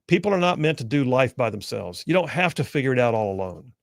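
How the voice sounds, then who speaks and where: This is a man with a gravelly, textured voice delivering a radio talk monologue. He speaks earnestly and conversationally, as if to one listener. The sound is dry and close, the kind you get from a studio microphone. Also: mid-range voice, big pitch swings, fast, dry recording. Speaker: radio talk show host.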